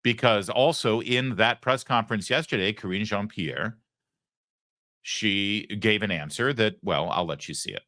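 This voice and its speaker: A man's voice: on the low side, unhurried, sharp tone, no echo, clean studio sound. A man hosting a political commentary show, delivering a sarcastic opinion monologue and acting out quoted voices.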